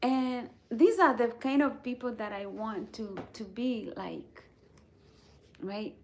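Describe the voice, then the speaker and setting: A woman hosting her channel in a casual motivational chat, reading viewer comments and often checking in with "right?" in a soft, breathy near-whisper. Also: fairly high pitch, slow. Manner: earnest, repeats "right?" and "okay?" to check in with viewers. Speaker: channel host.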